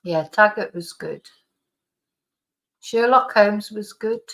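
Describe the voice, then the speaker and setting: Reading viewer comments on her live stream, this middle-aged woman chats casually and rambles, often restarting and laughing, with a slight cough that lingers. She has a medium pitch and takes things slowly.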